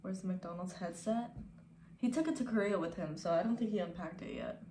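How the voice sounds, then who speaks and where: She's in her twenties, streaming from her home room and talking with viewers in a loose, cussing way that drifts toward whispers. Her lowish voice is brisk and dark-toned. The recording sounds echoey, with faint ambience and slight background noise.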